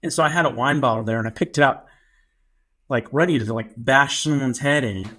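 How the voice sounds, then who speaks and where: A young man co-hosting a podcast, telling a story in a casual, animated way and acting out his own lines. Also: mid-range voice, fairly quick. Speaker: podcast co-host. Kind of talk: casual chat.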